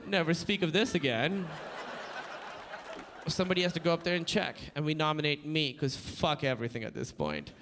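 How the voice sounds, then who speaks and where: A man from Pakistan telling a stand-up comedy story on stage, animated, breaking into panicked shouted voices. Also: on the high side, a little fast, long reverb tail, noisy background. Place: comedy stage before a live audience.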